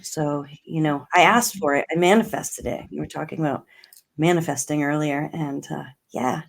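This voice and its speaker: A middle-aged woman, a guest in an interview, telling a personal story in earnest, slowing down on emotional words and laughing now and then. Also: low voice, fairly even intonation, vocal fry. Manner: earnest, slows right down on emotional words, laughs between lines.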